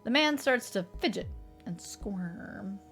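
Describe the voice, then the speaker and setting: Slow, measured woman narrating horror. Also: mid-range voice, lively intonation, fairly bright tone, soft background music. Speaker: streamer reading a visual novel. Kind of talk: second-person horror narration.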